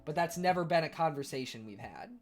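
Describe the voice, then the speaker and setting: A young man chatting casually on his livestream in an animated, rambling way, full of fillers. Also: on the high side, fast, soft background music. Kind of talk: casual stream chat.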